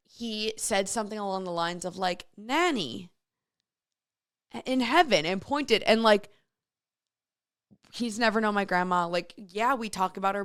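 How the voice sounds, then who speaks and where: Hosting a radio show on her own, a woman tells a story in a chatty way and reads listener messages aloud. Her pitch is medium, and the recording is clean studio sound with no room sound.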